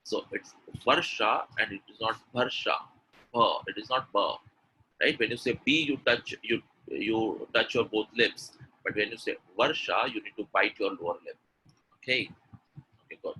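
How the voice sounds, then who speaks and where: This Indian-accented spoken English trainer speaks at normal speed in a lowish voice, over slight background noise and poor audio. Full of energy, he drills pronunciation sounds aloud during a live webinar, repeats words, and keeps nudging the audience to type in the chat.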